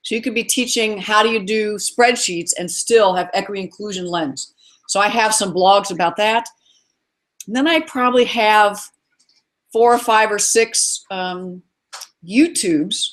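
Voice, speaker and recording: A woman's voice: medium pitch, measured pace. A middle-aged woman speaks as a guest over a video call. She sounds earnest and encouraging, with a mid-range voice, and strings long lists of ideas together. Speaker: guest expert. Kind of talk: live video call interview.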